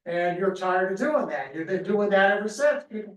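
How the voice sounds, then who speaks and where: High-voiced man giving a lively history talk. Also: a little fast, muffled recording. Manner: storytelling, acts out crowd cries. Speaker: history speaker. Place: lecture room. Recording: echoey room from far off.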